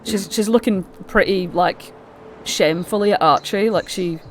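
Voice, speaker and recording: A woman's voice: medium pitch, moderate pace, slight background noise. A woman narrating as game master, rambling with many fillers.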